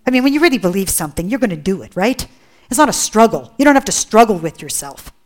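A woman's voice: mid-range voice, sing-song, quick pace. A woman preaching a sermon, earnest and emphatic, often asking rhetorical questions.

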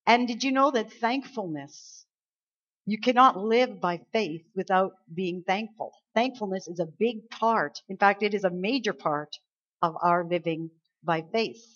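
A woman's voice: mid-range voice, a little slow, fairly bright tone. A woman pastor from Canada preaching a sermon, emphatic and full of rhetorical questions. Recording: slightly dull lo-fi sound.

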